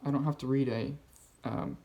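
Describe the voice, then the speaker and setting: A man's voice: medium pitch, steady tone, normal speed, creaky, highs cut off. A man hosting a casual book video, talking through his reading pile with lots of fillers and restarts. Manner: rambling, many fillers and restarts. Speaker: BookTube host.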